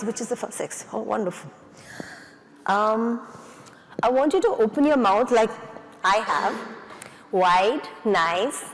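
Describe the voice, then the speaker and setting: A woman's voice: fairly high pitch, a little hiss or hum. Woman coaching face exercises in a hall. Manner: encouraging, coaxing and playful with the audience. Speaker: face yoga instructor. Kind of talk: leading a live exercise session. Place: conference hall. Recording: reverberant conference hall.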